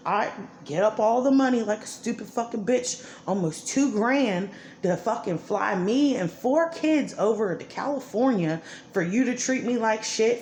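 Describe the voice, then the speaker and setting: A woman's voice: mid-range voice, darkish tone. A woman ranting angrily and profanely about her life and her children's father. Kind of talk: angry personal monologue. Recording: echoey room with faint background noise.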